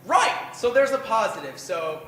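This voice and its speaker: A man's voice: high voice, big pitch swings, measured pace, pushed and bright, very echoey, a little hiss or hum, low-quality recording. A man in his twenties telling a rambling, profane, self-deprecating story as a stand-up performer at a bar open mic night. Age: 20s.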